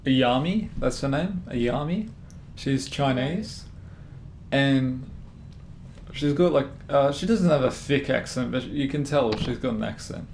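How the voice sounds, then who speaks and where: A man's voice: medium pitch, animated, unhurried, a little mellow, slight background noise. A young man casually telling a rambling story over game voice chat, laughing as he goes. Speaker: gamer in party chat. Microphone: headset over voice chat.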